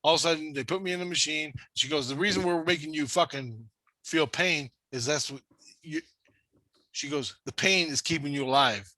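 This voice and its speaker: Sharp in tone and on the high side, his voice moves at a moderate pace with no echo. The man is deep into a long, wandering story of a spirit-world experience, swearing all the time and talking intensely in casual conversation.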